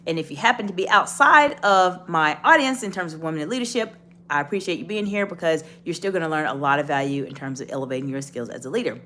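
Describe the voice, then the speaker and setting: A woman's voice: sits low, fast talker, pushed and bright, slight background noise. A woman giving a leadership coaching lesson, talking straight to the viewer in an encouraging, instructive way. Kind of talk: direct-to-camera coaching talk.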